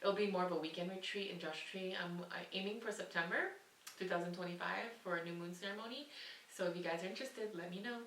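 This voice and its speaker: A woman hosts a casual podcast, chatty and quick to laugh. Her voice is bright. She is recorded a bit far from the mic in an echoey room, with faint background noise. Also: lowish voice. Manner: chatty, warm-hearted, laughs often. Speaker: podcast host.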